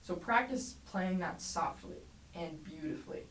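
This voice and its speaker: A woman teaching a trumpet lesson, explaining clearly and encouragingly, sometimes singing rhythms aloud. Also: on the low side, lively intonation, measured pace. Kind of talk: music lesson tutorial. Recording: roomy echo, mic at a distance, faint background noise.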